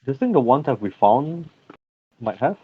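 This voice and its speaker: Lively-pitched joking man, dull sound. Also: moderate pace, husky. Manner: crude, joking, laughs a lot. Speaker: podcast co-host. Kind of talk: casual banter.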